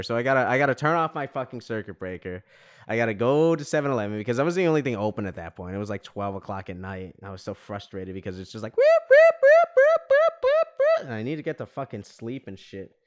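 A young man from New York telling a story in a profane, exasperated rant as a podcast host. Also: on the low side. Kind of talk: ranting casual monologue.

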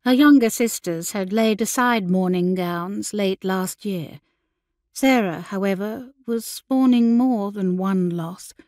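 A woman narrates a period novel in a measured, expressive way, her voice sitting at a mid pitch. The studio sound is dry and close, with no room around it. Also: dry recording. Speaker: audiobook narrator. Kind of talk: scripted audiobook narration.

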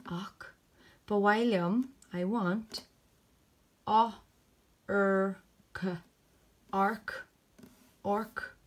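A woman teacher, sounding out letters one by one in a phonics lesson for children. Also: mid-range voice.

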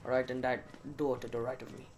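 A man's voice: medium pitch, completely flat delivery, brisk, darkish tone, a little hiss or hum, poor audio. A young man giving let's play commentary, muttering to himself with jittery nerves and frequent mild swearing. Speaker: gaming channel host.

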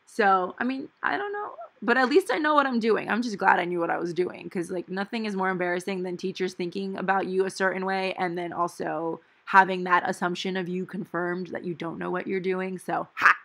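A woman's voice: fairly low pitch, brisk, vocal fry, few pauses, fairly bright tone. A young woman in her twenties talking casually and rambling through her week as a planner vlogger, with playful asides. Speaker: planner vlogger and dental hygiene student. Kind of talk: casual chatty voice-over while planning.

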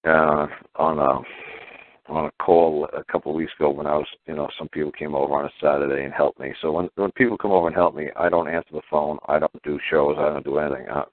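A man talking casually on a call-in show, piling up rhetorical questions in an animated way. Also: a bass voice, dry recording. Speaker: guest caller explaining legal ideas. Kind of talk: casual phone-in talk. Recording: tinny phone line, dry.

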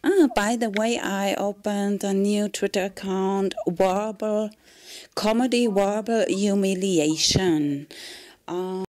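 A woman's voice: mid-range voice, fairly even intonation, slow pace, a little mellow, no echo. A woman vlogger in a rambling comic monologue who drifts into whispered asides and chuckles as she jumps between topics.

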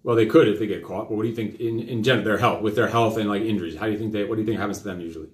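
Fast-talking father lecturing in roomy echo. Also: lowish voice. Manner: fast rambling lecturing with questions. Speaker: host. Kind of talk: live show talk with his child.

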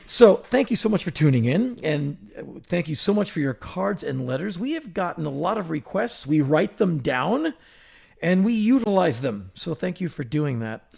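A man's voice: a little high, very animated, moderate pace, vocal fry, darkish tone, husky. A man co-hosting a casual podcast, reading an ad and telling rambling, joking stories. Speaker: podcast co-host. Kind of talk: casual chat and read ad.

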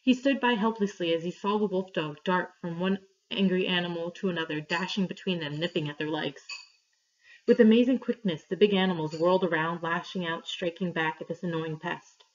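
Teacher lady reading a story out loud to the class, lowish voice, muffled lo-fi recording. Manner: clear, steady reading with pauses for questions. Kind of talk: read-aloud story for a class. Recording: dull lo-fi recording.

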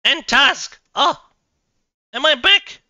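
A woman streaming a game live from her home computer setup, thinking out loud, laughing often and swearing freely. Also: high-pitched, lively intonation, slow pace, no echo.

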